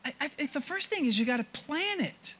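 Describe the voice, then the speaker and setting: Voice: high-pitched, brisk. A preacher giving a sermon to a congregation, asking them questions and often repeating words as thoughts restart. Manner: animated, stammering restarts, rhetorical questions to the congregation. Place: church before a congregation.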